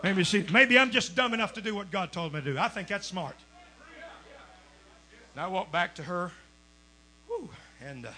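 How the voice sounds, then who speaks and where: A man preaching a Pentecostal sermon as a guest preacher, telling a testimony, swinging from hushed storytelling to shouting. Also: on the high side, a little hiss or hum. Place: church sanctuary.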